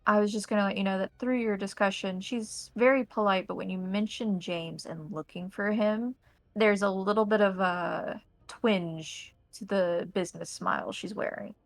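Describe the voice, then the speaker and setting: An American woman narrating as game master, describing scenes in a steady, detailed way. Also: medium pitch, normal speed, vocal fry, no room sound, poor audio.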